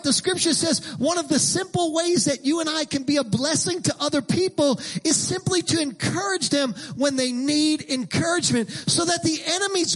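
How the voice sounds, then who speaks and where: High-voiced, emphatic male pastor preaching. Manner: emphatic, repetitive preaching that builds into shouted lines. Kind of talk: sermon.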